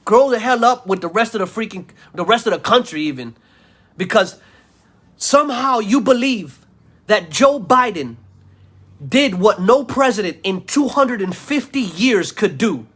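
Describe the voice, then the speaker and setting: A man's voice: high voice, lively intonation, measured pace, fairly bright tone, slightly rough. A man ranting in a video commentary, insulting his listeners, repeating himself and stammering through restarts. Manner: insulting, repetitive, heated rant. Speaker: vlogger.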